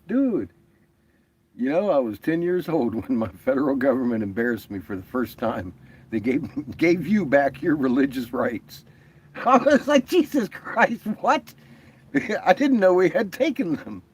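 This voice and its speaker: A vlogger with a medium-pitched, sing-song voice that's a little mellow and slightly rough talks at a moderate pace. His casual storytelling is heavy on swearing and laughter, and he plays out what others said.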